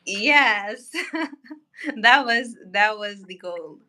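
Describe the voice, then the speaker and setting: A woman's voice: mid-range voice, expressive, drawn-out words, sharp tone. A woman, a guest on a live stream, talking casually with a giggly, hesitant manner.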